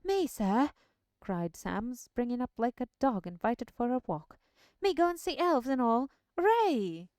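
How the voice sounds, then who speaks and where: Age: young man, gardener played by a woman. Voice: raised, loud, smooth. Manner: eager, breathless, stammering. Native: not English. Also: on the high side, normal speed, few pauses, no room sound, close to an everyday voice. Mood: overjoyed.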